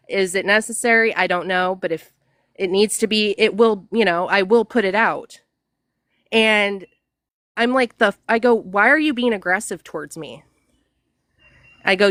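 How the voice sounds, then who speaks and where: A woman's voice: mid-range voice, a bit bright, no room sound. Woman retelling a feud, dry mic. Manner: retells texts in quoted voices, laughs as she goes. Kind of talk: casual storytelling on a live stream.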